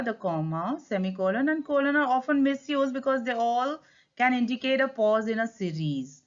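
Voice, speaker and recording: Indian teacher explaining grammar, lo-fi. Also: female voice, fairly high pitch. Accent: Indian English. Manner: switches to Hindi to explain. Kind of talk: classroom grammar lesson. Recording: dull lo-fi sound.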